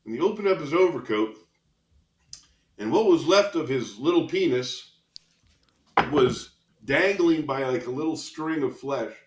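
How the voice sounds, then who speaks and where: A man's voice: fairly high pitch, a little slow, pauses often, noisy background. Older man telling police stories, roomy sound. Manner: lively anecdotal storyteller, chuckles between lines. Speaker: retired police officer, guest. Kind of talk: storytelling in a podcast interview. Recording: roomy echo.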